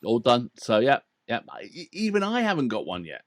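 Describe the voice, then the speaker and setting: An English man co-hosting a casual chat, teasing his partner with dry humour. His pitch moves up and down a lot, and the sound is close and dry. His voice sits at an ordinary middle pitch. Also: wildly swooping pitch, brisk, no room sound. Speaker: co-host of a music reaction channel.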